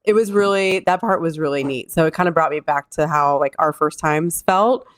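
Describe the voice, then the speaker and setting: A podcast co-host chatting excitedly, laughing often, her voice cracking at times. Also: sits low, fairly quick, no room sound, clean studio sound. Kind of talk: casual chat.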